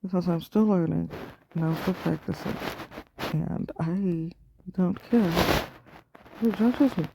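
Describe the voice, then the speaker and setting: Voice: mid-range voice, slow, vocal fry, pauses often, background noise. A self-taught artist vlogger talking casually while drawing, ranting defensively and swearing often.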